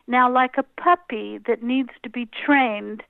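A woman interviewed as a guest, gently and slowly talking a listener through a breathing meditation. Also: fairly high pitch, fairly even intonation, creaky, dry recording. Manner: gentle, slow guidance with soft pauses. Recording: tinny phone-like line, dry.

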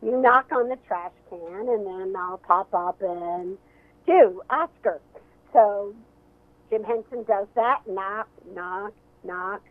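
A woman author being interviewed on radio, telling a story in an animated way over the phone. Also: mid-range voice, slow pace, dry recording. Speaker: author and guest. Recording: tinny phone line.

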